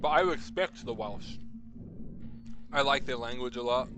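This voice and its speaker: A man's voice: mid-range voice, animated, measured pace, muffled recording, over music. A man from New Zealand streaming a game, chatting with his viewers in a rambling, slangy way, swearing freely and calling them bro. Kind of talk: casual game stream chat.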